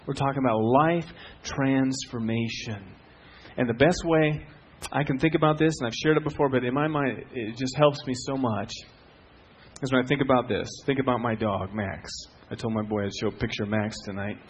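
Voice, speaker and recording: A middle-aged man preaching a sermon as a pastor, telling stories with swings from hushed to loud. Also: medium pitch, moderate pace, husky, highs cut off.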